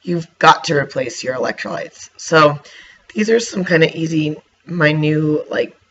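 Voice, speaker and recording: A man's voice: on the high side, fairly bright tone. A man casually reviewing snacks for his viewers, chatty and hiccuping now and then. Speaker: vlogger. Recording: dull lo-fi sound with faint noise.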